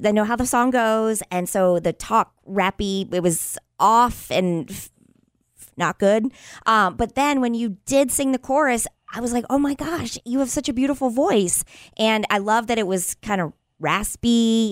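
A woman's voice: medium pitch, clear, resonant tone, no echo, studio quality. A woman co-hosting a morning radio show, talking in an effusive way with frequent hesitant fillers. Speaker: radio co-host.

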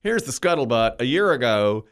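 A man's voice: medium pitch, sing-song, normal speed, no echo, clean studio sound. A middle-aged man hosting a talk show, chatting casually and telling a story, acting out the quotes. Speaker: radio show host.

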